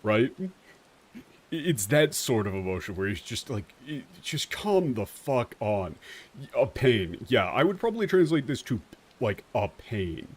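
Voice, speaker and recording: A man's voice: mid-range voice, unhurried, husky. A young man streaming a game, casually explaining translations with lots of fillers and swearing. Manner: animated, profane, many fillers.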